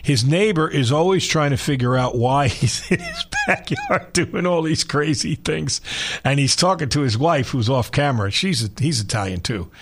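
A man from Long Island, hosting a sports radio show and rambling through stories in a chatty, animated way. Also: on the high side, normal speed, husky. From Long Island, New York. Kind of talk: casual sports radio chat.

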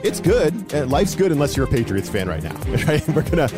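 A man in his thirties hosting a casual sports podcast, chatty and self-deprecating, with quick asides. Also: on the high side, sing-song, over music. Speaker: podcast host.

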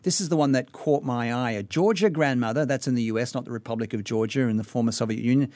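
Conversational male radio host, mid pitch. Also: fast talker, a little mellow, no room sound. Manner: conversational, summarising a news story with fillers. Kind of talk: casual radio chat. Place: radio studio in Singapore. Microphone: studio mic.

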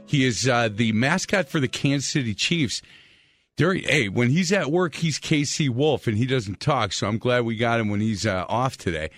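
A man hosting a sports radio talk show, telling a story in a chatty, lively way. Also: mid-range voice, normal speed, no room sound, soft background music.

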